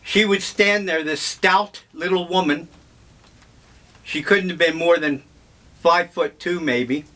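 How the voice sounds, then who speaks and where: An older man reminiscing in a slow, rambling, wryly humorous monologue. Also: on the high side, bright, forceful tone. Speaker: vlogger.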